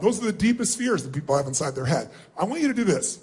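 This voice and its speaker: A middle-aged man giving a motivational seminar to a large crowd in a hall, commanding and often yelling instructions. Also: high voice, sing-song, fast, slightly rough. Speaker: motivational speaker. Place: large hall with thousands of people.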